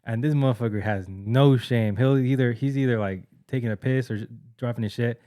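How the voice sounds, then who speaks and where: A young man co-hosting a podcast, slangy and animated, acting out people in his stories. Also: medium pitch, a little fast. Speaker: podcast co-host. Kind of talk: casual chat.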